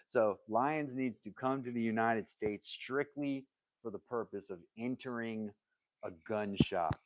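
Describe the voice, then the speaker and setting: A man's voice: mid-range voice, a little slow. A man hosting a casual live stream from his workshop, joking and rambling as he talks straight to his viewers, laughing often. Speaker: livestream host. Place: home woodworking workshop.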